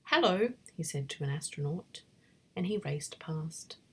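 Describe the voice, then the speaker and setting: A woman reading a bedtime story in a soft, breathy whisper. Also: low voice, steady tone, measured pace.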